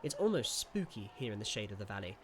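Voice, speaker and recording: A man streaming a gamebook playthrough, reading the passages aloud and musing between them in an animated way. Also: fairly low pitch, fast, a little hiss or hum.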